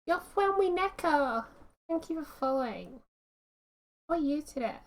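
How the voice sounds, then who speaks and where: A woman's voice: sits high, expressive. A woman streaming a game, chatting casually with viewers and laughing easily. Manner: chatty, amused, quick to laugh.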